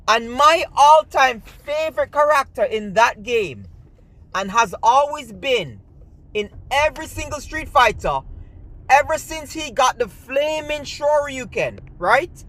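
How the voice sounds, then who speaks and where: Animated Jamaican-accented gaming vlogger. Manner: animated storyteller, jumps higher when quoting friends. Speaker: gaming channel host. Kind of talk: casual reminiscing monologue.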